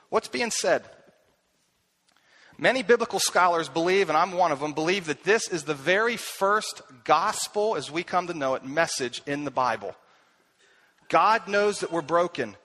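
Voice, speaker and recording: A man preaching a sermon, telling the story with animated delivery and acting out the voices he quotes. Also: a little high, normal speed. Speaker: pastor.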